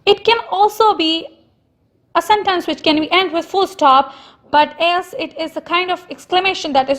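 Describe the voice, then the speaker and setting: A woman teacher from Pakistan giving a recorded lesson to young pupils, explaining slowly and repeating example sentences with stress. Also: very high voice, a bit bright. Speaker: school teacher.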